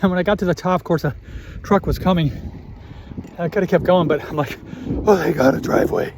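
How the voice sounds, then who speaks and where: A vlogger in his fifties talks casually and swears freely while cycling on an outdoor country road, sometimes short of breath. His voice is high-pitched and fairly quick, with background noise in the recording.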